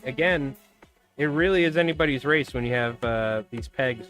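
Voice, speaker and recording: A man's voice: mid-range voice, moderate pace. Laid-back male streamer, music underneath. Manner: rambling, laid-back, bursts into loud excited commentary. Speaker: streamer and fly tier. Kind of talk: casual live-stream chat and excited race commentary. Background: background music.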